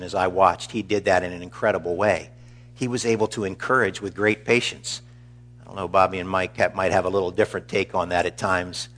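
A middle-aged pastor giving a funeral eulogy, earnest and measured as he tells stories. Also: low voice. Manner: earnest, measured, warmly storytelling.

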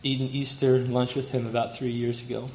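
A man's voice: medium pitch, little pitch movement, fairly quick, slight background noise. A young man speaking at a memorial, sharing fond, heartfelt stories about a family friend and chuckling through them. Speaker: family friend giving a tribute. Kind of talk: memorial tribute speech. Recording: roomy hall with faint ambience.

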